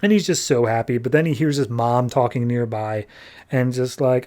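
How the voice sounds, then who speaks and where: A man's voice: medium pitch, a little mellow. Casual man retelling comic plots. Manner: loose retelling full of "like" and quick paraphrased dialogue. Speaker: podcast host. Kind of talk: casual comic book recap.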